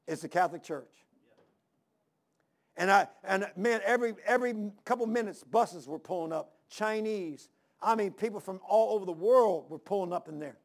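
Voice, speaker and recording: This sermon comes from a man in his sixties with a high-pitched voice and vocal fry. Emphatic and folksy, he drawls "man" and "ain't," repeats phrases, and calls out amen and hallelujah.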